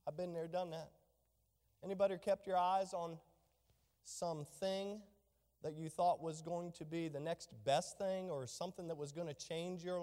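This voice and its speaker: High-voiced preacher in a reverberant hall. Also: male voice. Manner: preaching with sweeping swings from loud proclamations to hushed, low asides. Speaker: pastor. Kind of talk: sermon. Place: church sanctuary. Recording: long reverb of a large hall.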